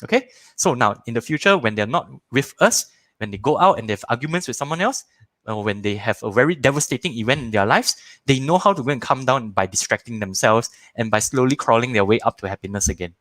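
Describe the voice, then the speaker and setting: Fast and mid-range, with no echo, a man in his thirties leads a live online parenting workshop in Malaysian-accented English. He acts out short scenes in varied voices and repeats words for emphasis, all in an animated style.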